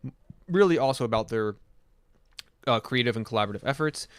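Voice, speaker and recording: A man's voice: medium pitch, lively intonation, fairly quick, clean tone, dry recording. A man hosting a live music stream, chatting casually in an easygoing, rambling way with many fillers. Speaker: livestream host and musician.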